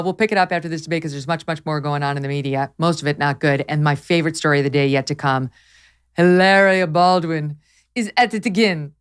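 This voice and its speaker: Low-voiced animated woman host. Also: clean tone. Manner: emphatic, quick, animated with laughs. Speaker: podcast host. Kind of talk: casual opinionated chat.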